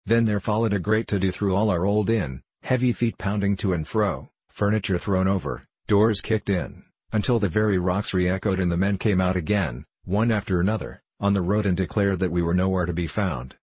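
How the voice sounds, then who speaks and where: A man narrating a storybook in a measured, steady reading. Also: sits low, slightly rough, dry recording. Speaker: audiobook narrator.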